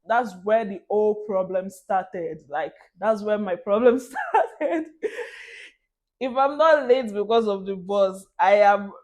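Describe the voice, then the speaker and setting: Young Nigerian woman vlogger, Nigerian accent, chatty and expressive, laughs a lot, drops into Pidgin phrases. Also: mid-range voice, slow. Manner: animated, laughs often, mixes in Nigerian Pidgin. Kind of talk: casual storytelling monologue.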